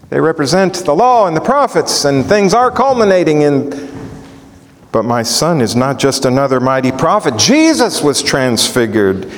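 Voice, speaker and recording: A male preacher teaching from the Bible, asking questions as he goes. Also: a little high. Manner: animated, asks the audience questions. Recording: echoey hall.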